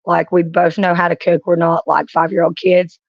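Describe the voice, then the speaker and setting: Low gravelly woman just rambling through stories on a live stream, dry dull lo-fi sound. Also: little pitch movement, normal speed, no room sound. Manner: rambling anecdotes with frequent laughs. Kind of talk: casual live-stream chat.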